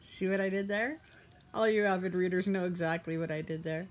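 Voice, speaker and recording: An older woman from Southern California, a vlogger, sits at home and chats to the camera in a rambling, self-mocking way. Her voice runs on the low side and her delivery is brisk. The audio comes from a phone or camera microphone.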